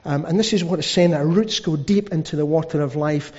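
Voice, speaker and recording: A man's voice: on the high side, brisk, a little mellow. A man preaching a sermon as pastor, telling stories with asides. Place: church hall. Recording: dull sound with long hall reverb.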